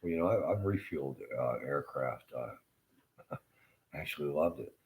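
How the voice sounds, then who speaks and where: A man's voice: rumbling low, expressive, moderate pace, a little mellow, rough recording. A man livestreaming a rambling, casual monologue, swearing often and trailing off into fillers. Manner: profane, meandering, full of fillers.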